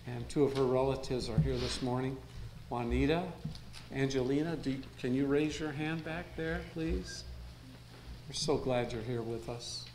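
A male preacher with a medium-pitched, darkish voice gives an easygoing, folksy sermon at a moderate pace, slipping in jokes between his points. His words echo around the church sanctuary above a faint hum.

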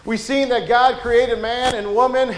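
Male pastor, higher register, folksy conversational sermon, roomy church sound. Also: steady tone, measured pace, a little hiss or hum. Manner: folksy, frequent "uh" and "right?" asides. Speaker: preacher. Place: church sanctuary.

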